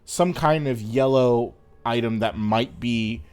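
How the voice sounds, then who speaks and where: A man narrating and running a tabletop fantasy game as game master, in a relaxed, hesitant way. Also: medium pitch, slow, clean tone, no echo.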